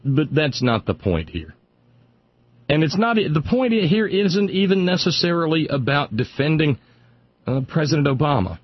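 A man's voice: a little high, very animated, normal speed, husky, no echo, highs cut off. A man hosting a radio talk show, delivering sardonic, rambling political commentary and stumbling over repeated words as he gets worked up.

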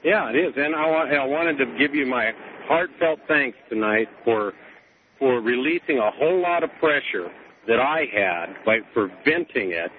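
A man's voice: mid-range voice, lively intonation, normal speed. A male truck driver phones in to a talk radio show and speaks in a heartfelt, emphatic way. His mid-range voice comes through a tinny phone line with faint hiss behind it.

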